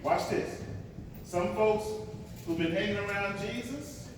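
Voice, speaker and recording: A man preaching a sermon as pastor, swinging between hushed asides and loud dramatic bursts and repeating "watch this" as a refrain. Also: high-pitched, measured pace, noisy background. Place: large church sanctuary. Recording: echoey hall, picked up from a distance.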